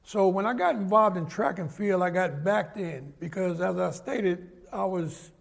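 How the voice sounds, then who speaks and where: Gravelly high-voiced older New man. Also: unhurried. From New York. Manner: animated storyteller who acts out the people he quotes. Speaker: interviewee. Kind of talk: storytelling interview.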